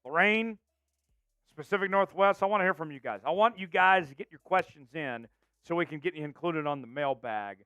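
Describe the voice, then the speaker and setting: Energetic man hosting a live sports show. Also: fairly high pitch, brisk, smooth, dry recording. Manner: energetic, reads viewer names from chat. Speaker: show host.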